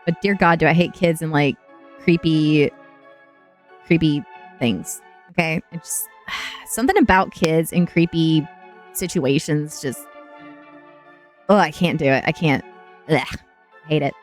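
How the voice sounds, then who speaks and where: A woman's voice: low voice, unhurried, long pauses, faint music behind. A young woman streamer chatting casually, dramatic and prone to repeating herself and groaning.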